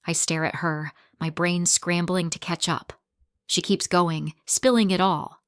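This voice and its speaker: A woman narrating a dark first-person story in a tense, dramatic way. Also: on the low side, fairly even intonation, measured pace, clear, resonant tone, no echo, studio quality.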